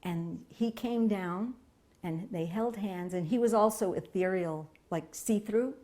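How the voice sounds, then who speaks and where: A woman's voice: mid-range voice, a little slow, mellow. Earnest woman recalling a memory. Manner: earnest, reflective storytelling. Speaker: devotee sharing memories. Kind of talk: personal recollection interview.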